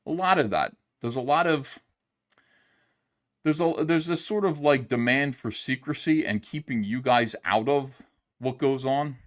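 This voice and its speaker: A man's voice: medium pitch, unhurried. A middle-aged man streaming commentary, ranting with profanity and lots of fillers. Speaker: streamer reacting to a video. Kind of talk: casual livestream commentary.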